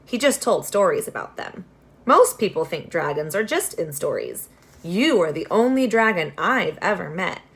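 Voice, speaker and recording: A woman's voice: fairly low pitch, very animated, moderate pace. A woman voicing a kind, practical young girl who speaks in a friendly, reassuring way in a read-aloud storybook.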